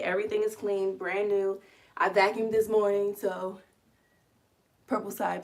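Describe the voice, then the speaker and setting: A woman's voice: mid-range voice, fairly even intonation, fairly quick, gravelly, slight background noise. A woman hosting a casual live stream from her living room, chatting straight to her viewers and explaining each step as she makes merch. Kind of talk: casual live chat while crafting.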